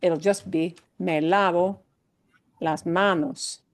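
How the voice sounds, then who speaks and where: A woman's voice: on the low side, fairly even intonation, slow pace. A woman Spanish teacher explaining grammar to her class patiently, step by step, with everyday examples.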